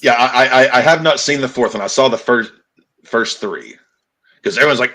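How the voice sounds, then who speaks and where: Man, mid-pitched voice, hesitant, halting, casual podcast chat. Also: bright, forceful tone. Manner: hesitant, many restarts and fillers. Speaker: podcast co-host.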